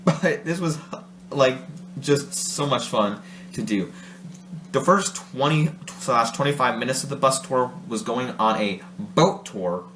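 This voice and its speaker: This Ohio vlogger has a medium-pitched, fairly bright voice, expressive and unhurried. Recorded in a roomy room with a faint hum, he chats casually at length, correcting himself and laughing often.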